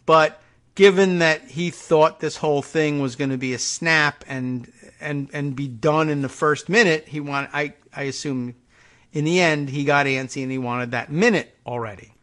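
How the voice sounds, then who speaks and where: A man's voice: on the high side, moderate pace, a bit bright. A man hosting a political podcast, reading news stories aloud with sardonic, wry asides.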